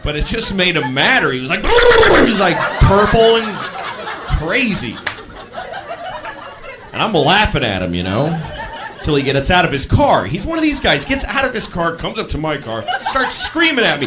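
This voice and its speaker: A man performing stand-up comedy, acting out the people in his stories by shouting them in a high voice. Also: wildly swooping pitch, normal speed, long pauses, noisy background. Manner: acts out shouting characters in high voice. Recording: live club with crowd. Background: audience laughter.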